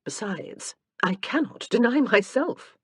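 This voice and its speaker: A woman's voice: a little high, animated, measured pace, fairly bright tone, breathy edge, no echo, clean studio sound, voice pushed up, exaggerated voice. A woman voicing an indulgent elderly dowager in an audiobook. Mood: eager.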